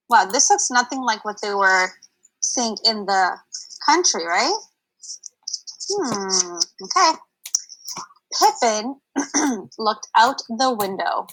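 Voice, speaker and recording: A woman's voice: fairly high pitch, expressive, slow pace, long pauses, fairly bright tone, low-quality recording. A young adult woman reading a picture book aloud to children on a livestream, stopping to explain words in a chatty way.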